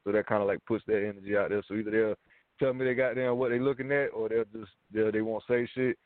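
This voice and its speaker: A man's voice: on the low side, steady tone, fast talker, dry recording. A man chatting on a casual talk radio show, brash and profane, full of slang. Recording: dry phone-like line.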